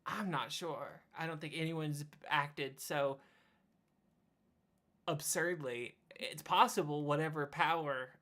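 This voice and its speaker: Deep-voiced woman game master, relaxed and rambly, trips over words sometimes. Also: slow pace. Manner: relaxed, rambling, hesitant word searching. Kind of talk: tabletop role-play narration.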